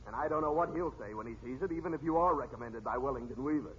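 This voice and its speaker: An actor playing a brisk police doctor with a dry wit in a 1940s radio comedy. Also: male voice, medium pitch, close to an everyday voice. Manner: brisk, wisecracking. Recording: dull old radio broadcast with hiss.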